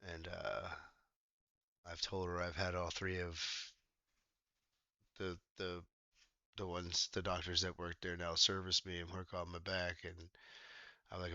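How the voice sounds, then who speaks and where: A man streaming while gaming, chatting casually in a meandering way that keeps interrupting itself and sometimes breaks into sudden loud exclamations. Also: low-pitched, fairly even intonation, unhurried, dry recording, lo-fi sound.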